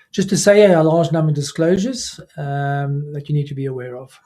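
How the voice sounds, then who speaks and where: Lecturing neurologist, mellow male voice. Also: a little high, steady tone. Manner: measured, with frequent fillers and self-corrections. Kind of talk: recorded scientific lecture. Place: remote recording away from the audience.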